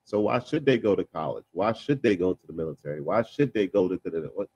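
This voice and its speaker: Man, casual panel talk, animated, repetitive, laughs mid-sentence, dry close sound. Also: deep voice, quick pace, slightly rough, no room sound, muffled recording. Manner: animated, repeats words and trails off into filler sounds; laughs while talking.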